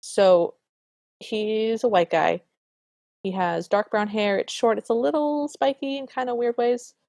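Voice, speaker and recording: A woman co-hosting a podcast, recapping a film in animated, opinionated casual chat. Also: fairly high pitch, unhurried, vocal fry, dry recording. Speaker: podcast co-host.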